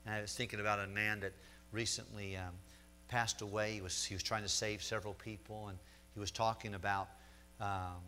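A middle-aged man preaching a sermon as pastor, emphatic, repeating words and slowing down to stress a point. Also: lowish voice, sharp tone, a little hiss or hum.

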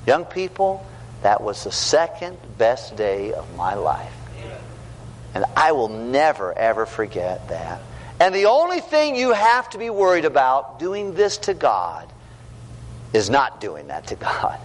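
A middle-aged man preaching a sermon to young people, earnest and storytelling, swinging from loud to hushed. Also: a little high, big pitch swings, unhurried. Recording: long hall reverb, faint background noise.

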